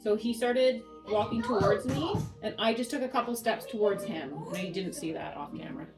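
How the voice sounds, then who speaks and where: Calm, patient woman dog trainer. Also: mid-range voice, a little fast, over music, poor audio. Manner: calm, patient, instructive, praises the dog softly. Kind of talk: hands-on training demonstration. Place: home living room.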